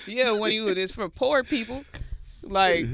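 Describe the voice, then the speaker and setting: A woman co-hosting a radio podcast in casual chat, playful and quick to laugh. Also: mid-range voice, creaky, a bit bright. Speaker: co-host.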